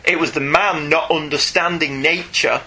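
A man's voice: a little high, rough recording. A man co-hosting a comics podcast, chatting enthusiastically and animatedly. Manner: enthusiastic, animated, quick laughs. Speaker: podcast co-host. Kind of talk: casual chat about comics.

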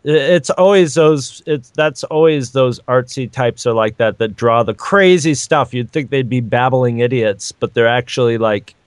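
A man's voice: mid-range voice, normal speed, hardly any pauses, clean tone, dry recording, clean studio sound. A man co-hosting a podcast in casual chat, making easygoing, laid-back remarks. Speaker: podcast co-host.

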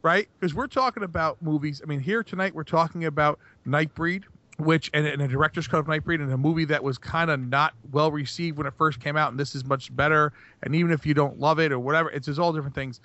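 A man's voice: fairly high pitch, fairly even intonation, quick pace, sharp tone, no echo. A man co-hosting a podcast in casual chat, rambling with many restarts and fillers. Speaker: podcast co-host. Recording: dry, dull lo-fi podcast mic.

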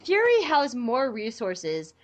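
A woman's voice: a little high, slow pace. Giggly young woman gushing on a podcast. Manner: excitable, giggly, swears freely. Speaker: podcast co-host. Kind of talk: casual fan chat.

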